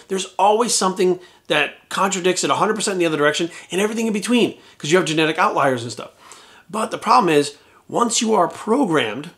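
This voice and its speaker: Blunt, profane man telling a story. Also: on the high side. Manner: animated when quoting others. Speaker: fitness coach. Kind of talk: casual monologue.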